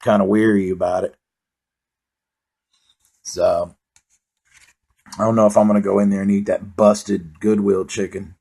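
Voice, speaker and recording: A man's voice: fairly low pitch, little pitch movement, unhurried, gravelly, long pauses, warm tone, breathy edge. A man delivering a rambling, profane comedic monologue in a laid-back storytelling way. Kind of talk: stand-up style comedic monologue.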